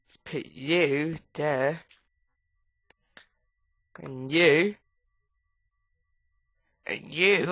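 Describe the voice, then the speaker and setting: A woman with a cold gives rambling casual commentary while playing a game, breaking into sudden high squeals. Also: very slow, pauses often, fairly bright tone, no room sound. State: has a cold. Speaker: gamer. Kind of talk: casual let's play commentary. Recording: dull lo-fi recording.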